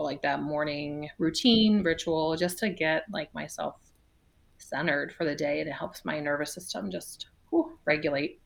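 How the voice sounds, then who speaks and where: A woman's voice: deep voice, normal speed, vocal fry. A woman around forty, a physical therapist guest, chatting casually in a podcast interview, laughing often and using many fillers.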